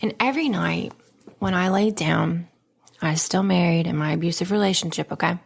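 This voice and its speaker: Woman, thirties, low gravelly voice, dramatic, emotional, drops to whispers. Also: a little fast. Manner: dramatic, emotional, laughs often, slips into whispers. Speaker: podcast host. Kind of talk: personal storytelling.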